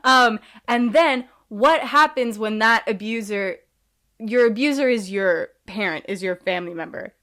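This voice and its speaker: A woman's voice: fairly high pitch, measured pace, fairly bright tone. A woman co-hosting a podcast in casual chat, rambling off on tangents with sarcastic asides. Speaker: podcast co-host.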